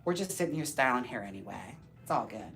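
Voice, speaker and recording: A man hosting a casual live stream while styling dolls, talking to viewers by name in a campy, sassy way with quick jokes and frequent laughs. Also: medium pitch, expressive, gravelly, bright, forceful tone, soft background music. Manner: talks to viewers by name, reads chat aloud.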